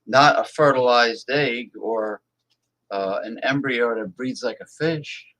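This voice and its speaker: A man hosts a casual political livestream in a medium-pitched, fairly bright voice, speaking slowly. He reads viewer messages aloud and talks bluntly and emphatically, often repeating words for effect. The recording is rough.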